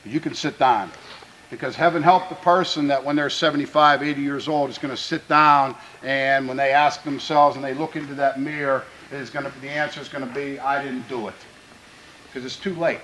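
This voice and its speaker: A man who is a high school football head coach, giving an earnest, plainspoken pregame speech to his players and often restarting his phrases. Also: fairly even intonation, brisk, slight background noise, poor audio. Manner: grows louder and more fervent when speaking of country.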